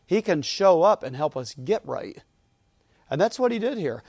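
A man preaches with earnest conviction, his fairly high voice building in emphasis as he repeats key phrases. The sound is dry and close, with little room echo. He speaks as a pastor addressing his congregation. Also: sing-song, normal speed, darkish tone, husky. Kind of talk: sermon. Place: church.

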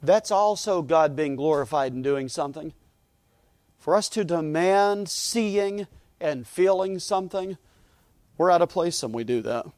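Addressing his congregation in a church, a pastor delivers a sermon with earnest conviction, his fairly high, darkish voice gathering emphasis as he repeats key phrases. He speaks a little slowly, and the sound is dry and close with little room echo.

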